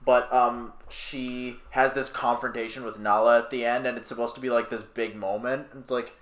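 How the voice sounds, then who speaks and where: A young man co-hosting a podcast, rambling through film opinions with fillers, quick asides and easy laughs. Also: medium pitch, steady tone, a bit bright. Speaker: podcast co-host. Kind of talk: casual film review chat. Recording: roomy echo.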